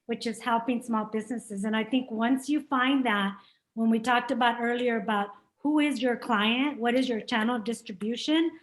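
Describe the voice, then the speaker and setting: A woman's voice: on the high side, normal speed, low-quality recording. A woman facilitating a business workshop, speaking in an encouraging, conversational way. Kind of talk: workshop discussion.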